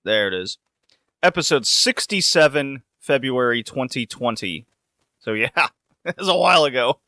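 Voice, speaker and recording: Male podcast host, casual chat, bright voice, dry close sound, laughs a lot. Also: mid-range voice, expressive, moderate pace, dry recording. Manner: laid-back, laughs often, swears casually.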